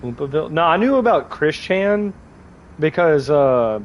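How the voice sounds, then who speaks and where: A young man talks loosely while he plays a game on stream, his voice sitting a little high. He rambles from story to story, swears freely and keeps breaking into laughter. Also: lively intonation, unhurried, highs cut off, slight background noise. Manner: rambling, laughing often, crude. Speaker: gaming streamer. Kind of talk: casual chat while gaming.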